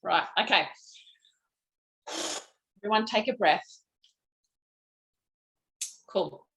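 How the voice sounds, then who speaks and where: A woman's voice: mid-range voice, very slow, gravelly, a bit bright, dull audio. Bubbly, frank Australian woman; live-stream host chatting with viewers. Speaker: host, lymphatic health practitioner. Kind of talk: live-stream chat answering viewer comments.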